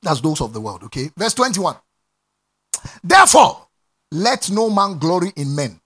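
High, lively preacher shouting bursts. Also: male voice, unhurried, husky. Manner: shouting bursts, laughing, repeating phrases to the congregation. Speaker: pastor. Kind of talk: sermon. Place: church before a congregation.

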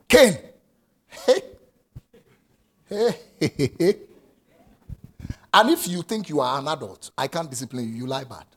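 A man in delivers a sermon with a husky edge. His voice sits high and swings widely. He drops to low asides, then rises into shouted prayer. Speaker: pastor.

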